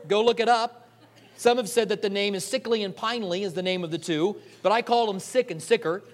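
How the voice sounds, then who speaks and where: A man with a high voice preaches in a loose, storytelling way. He jokes as he goes, acts out each character's lines, and often restarts his sentences with a quick repeated "and, and". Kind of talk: conversational sermon storytelling.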